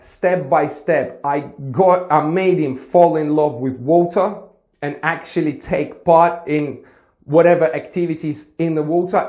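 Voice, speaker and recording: Swim coach guy telling a story, acts out the chats, bit high voice, roomy echo. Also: darkish tone. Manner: storytelling, re-enacts conversations. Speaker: swimming teacher. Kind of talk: casual advice talk with a personal story.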